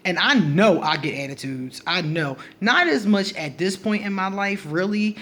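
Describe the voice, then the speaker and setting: Speaking at a normal speed with a medium pitch, an astrology vlogger talks straight into the camera. She's casual, blunt and lively, laughing between each point she makes.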